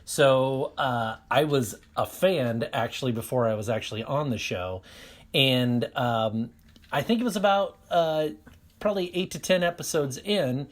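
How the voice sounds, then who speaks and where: A man in casual conversation, telling a story with lively excitement and frequent laughs. He sounds like an everyday podcast guest talking into a home mic. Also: medium pitch. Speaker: podcast cast member. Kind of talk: casual chat.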